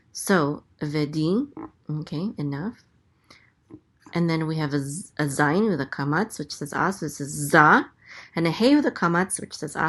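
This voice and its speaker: A woman teaching a casual Biblical Hebrew reading lesson, explaining slowly with many pauses and fillers. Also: low voice. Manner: slow and explanatory, with many fillers and self-corrections.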